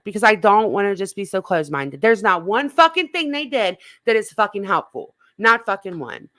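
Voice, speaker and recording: Bright, dry-voiced New woman. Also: medium pitch, lively intonation, fairly quick, few pauses, no echo. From New York. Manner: heated, profane, laughs often. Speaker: YouTube commentary host. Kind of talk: casual reaction chat.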